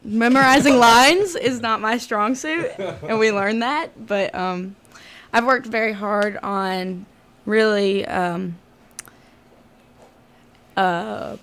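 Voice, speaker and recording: A teenage girl, a high school junior actor, answering questions softly with some hesitation. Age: teens. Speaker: student actor. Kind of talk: radio interview.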